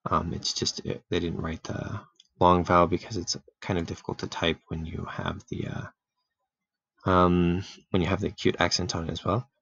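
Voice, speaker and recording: A man giving a relaxed, casual grammar lesson, full of fillers and restarts, who often clears his throat. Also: deep voice, normal speed. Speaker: Greek teacher. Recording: dull, dry home recording.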